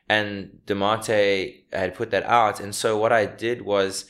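A man's voice: lowish voice, steady tone, unhurried, hardly any pauses, a bit bright. A man talking as a comedian guest in a casual interview, chatty and loose, with many fillers and restarts.

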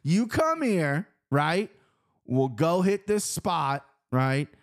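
A man's voice: a little high, sing-song, drawn-out words. A man from Cincinnati telling a loose, profane, rambling story, recapping his weekend in casual talk. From Cincinnati, Ohio, US. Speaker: vlogger.

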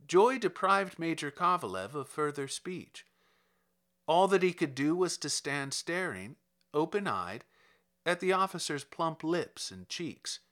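Male audiobook narrator, animated delivery, bright tone, fairly high voice. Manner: expressive storytelling.

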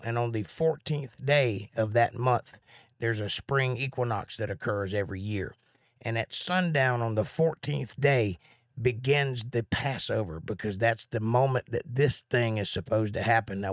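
A man teaching a live Bible study at an average pitch, his voice close and dry with no room echo. He rambles excitedly as he thinks aloud and sounds a little out of breath.

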